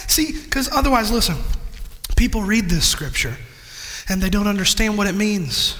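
A man with a strikingly high, bright voice preaches a sermon. He is animated, breaking into loud bursts and quick asides. His voice rings with the long echo of a church hall. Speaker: pastor.

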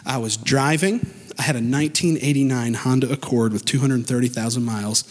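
A pastor preaching a sermon in church, animated and emphatic, speeding up and slowing down and swinging between loud and soft. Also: male voice, mid-range voice, in a large hall. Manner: animated, emphatic preaching with sudden shifts in pace and loudness.

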